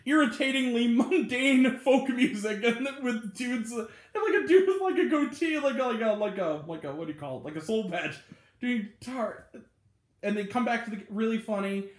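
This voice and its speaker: High-voiced chatty man reviewing a movie. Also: expressive, a little fast. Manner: rambling and chatty, heavy on filler words, laughs at his own retellings. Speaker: movie reviewer, channel host. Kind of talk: casual spoken movie review. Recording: roomy echo.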